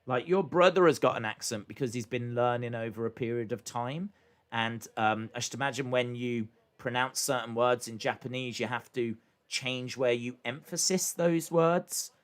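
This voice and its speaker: A man's voice: mid-range voice, fairly bright tone. Chatty man reacting live. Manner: chatty, thinking aloud with many fillers. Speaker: live stream host reacting to wrestling. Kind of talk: casual live reaction commentary.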